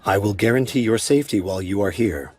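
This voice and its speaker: A man voicing a calm, emotionless stone golem lord in an anime English dub, speaking in a measured, flat way. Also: lowish voice, slightly rough. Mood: calm, grave. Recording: soundtrack music behind.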